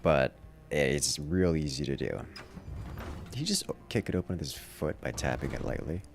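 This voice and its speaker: A man's voice: rumbling low, lively intonation, moderate pace, gravelly. A man from the Southern United States with a Southern accent, chatting casually and wryly while playing a game on a livestream. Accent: generic Southern US. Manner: rambling, wry, self-deprecating asides. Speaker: livestream gamer.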